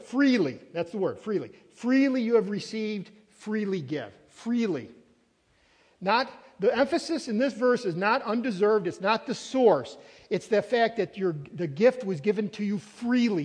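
In a reverberant hall with a long echo, a man preaches as pastor, earnest and emphatic, repeating key words. His voice is high, expressive and slightly rough, at a moderate pace.

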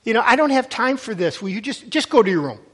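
Tired working father, as a man puts him on, curt, weary, high-pitched. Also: big pitch swings, fast talker, fairly bright tone, breathy edge, heavily acted. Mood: irritated.

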